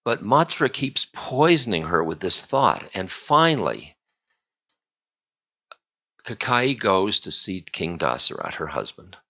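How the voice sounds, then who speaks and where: A man's voice: low-pitched, very animated, a little slow, sharp tone. A man telling a bedtime story casually, with chatty asides to his listeners.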